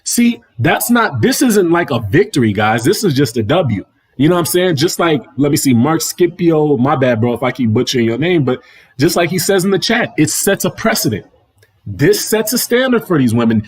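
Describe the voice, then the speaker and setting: A young man hosting a livestream from home, giving mocking, excitable commentary in slang and talking to his chat. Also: on the high side, moderate pace, slightly rough. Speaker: livestream host. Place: home, apartment.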